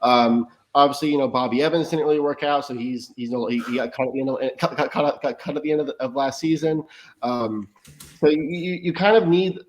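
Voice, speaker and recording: Fast-talking stammering man. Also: mid-range voice. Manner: rapid talk with frequent stammered restarts. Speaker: podcast guest analyst. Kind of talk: casual podcast analysis.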